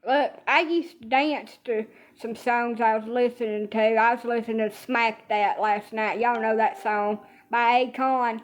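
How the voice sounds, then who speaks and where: A woman in her late thirties with a high voice talks straight into the camera, grumbling and cursing her way through a comic rant. Her complaints come out loose, loud and exaggerated, in a casual storytelling flow. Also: steady tone, a little slow, few pauses. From Alabama. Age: 30s. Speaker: social media streamer.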